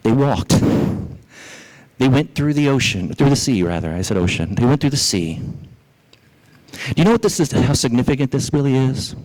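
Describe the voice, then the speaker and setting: A male pastor with a Southern US accent delivers a sermon, speaking at a middle pitch. He tells a children's story with animated energy and asks the congregation questions directly. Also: normal speed, rough recording.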